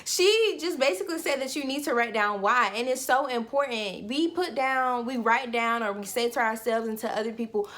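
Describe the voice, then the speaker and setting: A woman's voice: a little high, normal speed, few pauses, a bit bright. A young woman talking casually and animatedly straight to her viewers in a goal-setting vlog. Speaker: vlogger.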